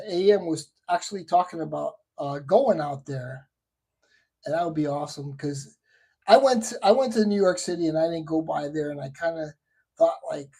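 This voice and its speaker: A man chats loosely on his own livestream, wandering between topics and restarting his sentences often. His voice is mellow and dark, with a husky edge. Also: on the high side. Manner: rambling, with many restarts and asides. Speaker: shaving livestream host. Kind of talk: casual live chat.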